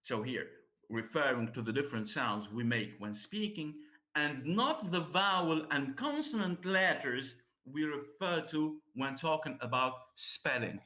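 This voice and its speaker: A man teaching a class about pronunciation, speaking slowly. He repeats himself and checks with his students as he goes. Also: on the high side, expressive, bright, forceful tone, echoey room.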